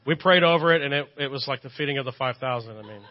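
In a church sanctuary, a Texan pastor with a medium-pitched voice delivers his sermon quickly, heard through a muffled recording. His tone is earnest yet conversational, with repeated phrases for emphasis and self-deprecating jokes at his own expense.

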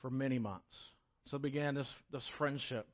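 Conversational pastor, dull lo-fi recording. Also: male voice, mid-range voice, moderate pace. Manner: conversational, swings from loud to hushed. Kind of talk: casual storytelling sermon.

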